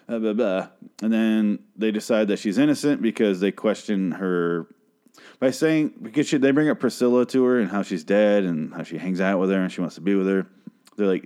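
Low-pitched young man, profane rambling TV reviewer, close mic. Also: expressive, a little fast, a little mellow. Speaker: TV show reviewer. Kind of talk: casual solo review rant. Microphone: close podcast mic.

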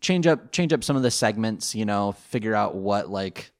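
Male podcast co-host, lower voice, loose rambling chat full of fillers. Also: lively intonation, moderate pace. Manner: rambling, many fillers and restarts, laughs easily. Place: home.

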